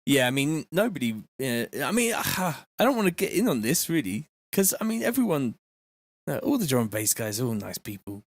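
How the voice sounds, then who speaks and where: A man chatting casually on a live stream, reading out viewer messages in a relaxed, slangy way from his home studio. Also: medium pitch, brisk, dry recording. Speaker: music producer streaming live.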